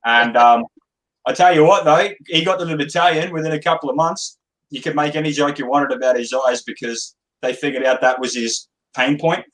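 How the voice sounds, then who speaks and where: A man's voice: a little high, brisk, fairly bright tone, low-quality recording. A man with an Australian accent, a former infantry soldier, talking casually and bluntly with frequent swearing. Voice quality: blunt and profane. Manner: earnest, swears freely, calls others brother and mate. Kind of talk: casual chat.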